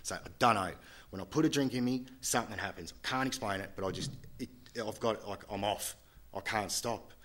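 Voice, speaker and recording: Aussie guy with a low voice telling his story to a meeting, halting, lots of restarts. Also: fairly bright tone. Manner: candid and halting, often restarting. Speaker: speaker sharing at a recovery meeting. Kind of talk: personal testimony to a group.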